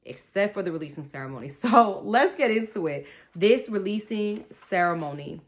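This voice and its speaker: A woman's voice: mid-range voice, expressive, normal speed. A woman hosting a spiritual wellness talk, chatty and rambling, laughing often and calling her listeners y'all. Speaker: spiritual wellness podcast host.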